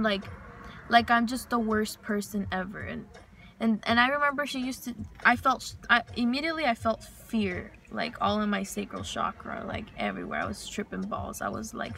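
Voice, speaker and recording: A young woman sits in her car and vents in a loose, rambling monologue, swearing freely as she goes. Her voice sits a little high and sounds bright and forceful. A faint hum of noise runs underneath. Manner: frank, rambling, heavy swearing. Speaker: vlogger. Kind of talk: casual venting monologue. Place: inside a parked car.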